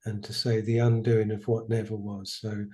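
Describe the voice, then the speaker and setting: A man's voice: lowish voice, level tone, normal speed, dark tone. A man hosting a spiritual podcast, speaking thoughtfully and searching for his words as he explains ideas. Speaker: podcast host. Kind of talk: reflective spiritual conversation.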